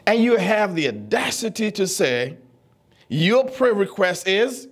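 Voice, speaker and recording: High-voiced young man preaching. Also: measured pace, breathy edge. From U.S. Virgin Islands. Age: 20s. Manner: animated, teasing, asks the congregation questions. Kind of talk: sermon Bible teaching.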